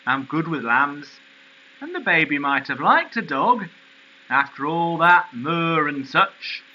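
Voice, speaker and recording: A man voicing a plain-spoken male sheepdog with a Northern English accent, telling his story slowly. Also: a little high, big pitch swings, highs cut off, heavily acted. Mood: wistful. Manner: slow, homely storytelling.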